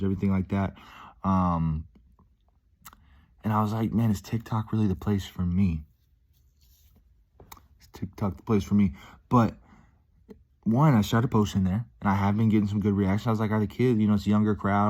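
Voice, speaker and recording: A man's voice: on the low side, a little mellow. A man talking casually to his viewers in a rambling, upbeat way, full of "dude", "um" and restarts. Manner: many "um"s and restarts. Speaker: vlogger. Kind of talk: casual monologue to camera.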